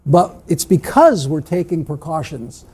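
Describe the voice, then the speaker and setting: Husky American man in his sixties. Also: a little high, very animated, a little slow, a little mellow. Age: 60s. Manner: firm, insistent. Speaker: ambassador interviewed on TV. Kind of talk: TV news interview.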